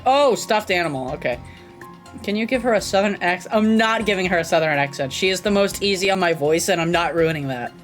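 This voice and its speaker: A woman streamer giving casual commentary over a game, excitable, swearing and laughing often. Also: fairly low pitch.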